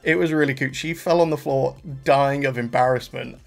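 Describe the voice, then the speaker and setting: Chatty young man with a gravelly voice. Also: medium pitch, moderate pace. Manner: chatty and animated, laughs often, trails off with fillers. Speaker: reaction channel host. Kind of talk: casual vlog review.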